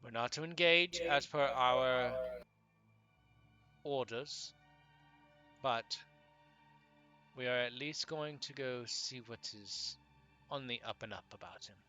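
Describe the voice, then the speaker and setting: A man narrating as game master of a tabletop game, relaxed and halting, with many fillers. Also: mid-range voice, highs cut off, soft background music.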